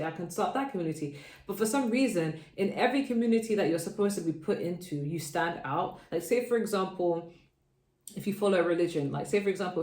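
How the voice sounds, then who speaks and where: Young woman, London accent, low voice, rambling tarot reading, echoey room. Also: darkish tone. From London, England. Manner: chatty, rambling, with fillers. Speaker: tarot reader. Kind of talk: casual tarot reading to camera.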